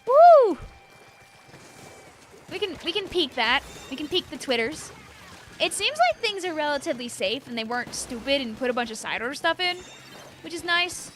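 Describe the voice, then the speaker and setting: A young woman streaming a game, chatting excitably with lots of fillers and quick reactions. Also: sits high, noisy background. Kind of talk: live gameplay commentary.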